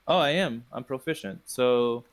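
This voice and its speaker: A man with a smooth, clear voice talks as a player in an online tabletop game. He drops quick joking remarks and checks his character sheet aloud. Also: medium pitch. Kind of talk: casual tabletop play. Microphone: computer mic on a voice call.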